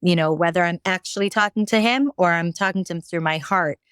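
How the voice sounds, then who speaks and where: A woman's voice: on the low side, brisk, fairly bright tone, clean tone, no room sound, clean studio sound. A woman guest sharing a personal story in a candid, rambling way, with frequent restarts. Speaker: podcast guest.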